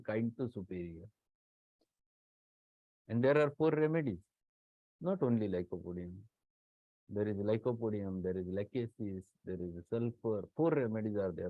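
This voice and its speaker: A fairly low-pitched man with an Indian English accent gives an online lecture as a homoeopathy professor, emphatic and prone to repeating words for emphasis. It's a dull, dry, lo-fi recording.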